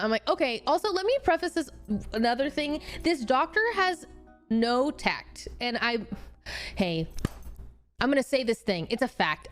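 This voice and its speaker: A woman in her twenties from Washington state, a streamer casually telling a story in a chatty, rambling way. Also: on the high side. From Washington state, USA. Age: 20s. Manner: chatty, rambling, full of fillers and restarts.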